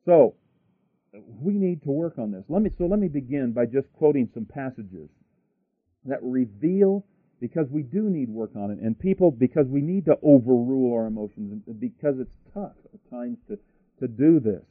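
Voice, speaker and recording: A man preaches a sermon with emphasis, using rhetorical questions and asides and restarting often. His mid-range voice has lively intonation and a moderate pace with no room sound, heard through a dry, tinny radio broadcast.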